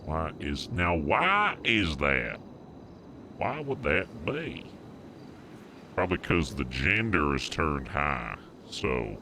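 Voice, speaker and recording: A man's voice: very deep voice, sing-song, slow, background noise. A young man streaming, muttering to himself while he tests his voice settings. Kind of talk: casual livestream chat.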